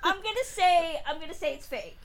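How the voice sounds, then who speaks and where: A woman's voice: very high voice, expressive, brisk, a bit bright, a little hiss or hum. A woman co-hosting a casual podcast, making wry, sarcastic jokes. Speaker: podcast co-host. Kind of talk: casual chat.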